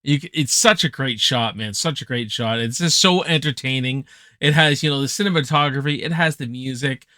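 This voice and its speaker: A young man giving a casual, excited film review, swearing freely and packed with slang. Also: medium pitch, a little fast, no echo, clean studio sound. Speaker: movie reviewer.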